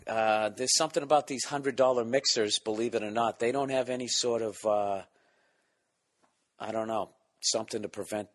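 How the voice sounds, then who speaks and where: A man hosting his podcast, rambling comedically with lots of swearing and self-mockery, keeping his voice down at times. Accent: Boston. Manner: profane, self-mocking, jumps into silly voices; keeping voice down, quiet and low at times. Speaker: podcast host.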